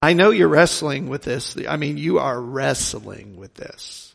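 A man preaching a sermon, asking rhetorical questions and swinging between loud and hushed delivery. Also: a little high, expressive, measured pace, creaky, slightly rough, long reverb tail.

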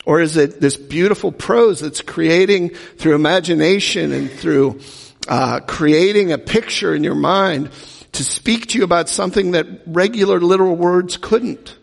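A man's voice: sits high, a little slow, vocal fry, long reverb tail. A man preaching a teaching sermon, talking in a conversational way and often asking the audience questions. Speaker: pastor teaching a Bible class.

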